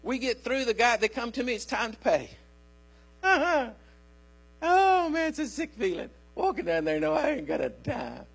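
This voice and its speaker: A man's voice: very high voice, sing-song, moderate pace, vocal fry, a bit bright, husky. An older man, a pastor, preaching a sermon in a folksy storytelling way and calling out to his listeners.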